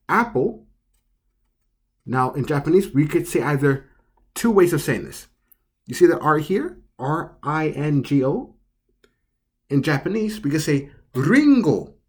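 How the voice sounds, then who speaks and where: A host teaching pronunciation at an unhurried pace, saying each word over and over before explaining it. The voice is soft and a little breathy, and the pitch rises and falls a lot from word to word. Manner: repeats each word several times, carefully; explains step by step in plain words. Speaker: language teacher. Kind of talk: slow pronunciation lesson.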